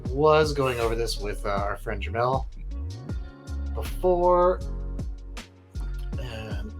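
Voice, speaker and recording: Slow-talking man hosting a call-in show. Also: medium pitch. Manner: laughs often, reads emails aloud. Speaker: talk show host. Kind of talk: casual comedic call-in chat.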